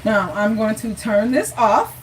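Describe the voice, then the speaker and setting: A woman's voice: fairly high pitch, lively intonation, a little slow, recorded from a distance, a little hiss or hum, rough recording. Chatty, encouraging woman cooking host. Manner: chatty, encouraging, talks straight to viewers. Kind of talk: live cooking demonstration.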